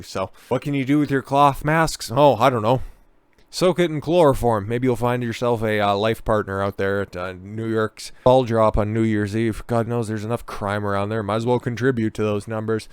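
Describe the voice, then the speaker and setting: A man's voice: on the low side, steady tone, normal speed, smooth, dry recording. A man hosting a political commentary show. He talks sarcastically and swears often, with mocking asides.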